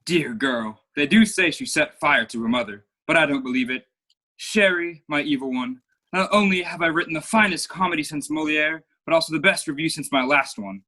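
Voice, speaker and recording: A man's voice: fairly high pitch, a little fast, sharp tone. A young man playing a flamboyant, vain playwright in a school play over a video call, with florid, theatrical delivery. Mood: grandiose. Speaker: student actor.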